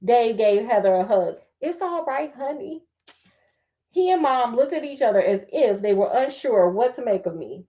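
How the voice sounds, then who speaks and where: A woman's voice: medium pitch, moderate pace, hardly any pauses, lo-fi sound. A woman reading a book aloud and breaking off into sassy, joking commentary. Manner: sassy, animated, laughing asides. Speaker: storyteller.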